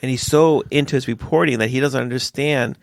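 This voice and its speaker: A man's voice: medium pitch, fairly quick, vocal fry, a little hiss or hum. A man talking casually as a father sharing stories, acting out the voices of people he quotes. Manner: animated storyteller who acts out quoted voices. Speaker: father sharing his story. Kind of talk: casual conversation.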